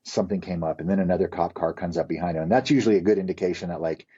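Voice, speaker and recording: A middle-aged man with a low, husky voice talks through his past in a loose, rambling way, dropping curses as he goes. His tone is dark and mellow. The recording is dull and lo-fi. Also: racing. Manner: candid, profane, rambling storyteller. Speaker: podcast guest. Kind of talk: casual storytelling interview.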